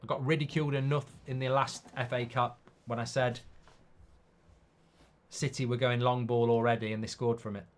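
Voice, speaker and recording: Bloke doing a live footy watchalong, reads chat out, blunt, swears here and there, mid pitch. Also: male voice, little pitch movement, normal speed. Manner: casual and blunt, reads out viewer comments, swears. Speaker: host. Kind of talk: live football watchalong commentary.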